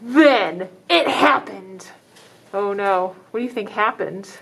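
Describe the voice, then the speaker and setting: A woman librarian reading a picture book aloud to children, dramatic in the exciting parts and stopping to ask the listeners questions. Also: medium pitch, takes it slowly, vocal fry, breathy edge. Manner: expressive, dramatic exclamations, asks children questions.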